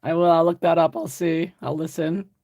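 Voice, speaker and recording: A woman's voice: sits low, flat delivery, normal speed, warm tone. A woman hosting an art livestream, chatting casually and answering viewer comments while she paints, often laughing.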